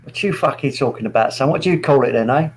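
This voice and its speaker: A man with a Northern English accent, loudly teasing and swearing in casual banter on a live football watchalong stream. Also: mid-range voice, fast. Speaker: stream host. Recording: noisy live stream audio.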